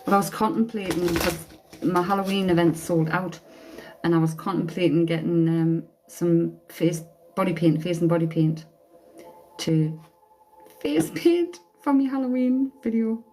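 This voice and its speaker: A woman's voice: on the low side, unhurried, darkish tone, low-quality recording. A woman giving a casual live-stream tarot reading as a psychic medium, chatty and blunt, swearing casually.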